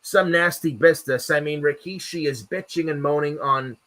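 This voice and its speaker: A man's voice: fairly high pitch, moderate pace, a bit bright. A man co-hosting a wrestling post-show, ranting in a casual, profane way and repeating himself. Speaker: podcast co-host. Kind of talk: casual wrestling recap chat.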